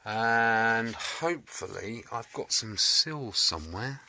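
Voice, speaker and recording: A man works through a repair in his home workshop, chatting slowly to the camera and muttering jokey catchphrases to himself. The recording carries noticeable workshop noise and clicks. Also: mid-range voice, animated. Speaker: restoration video maker. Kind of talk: talking through workshop jobs.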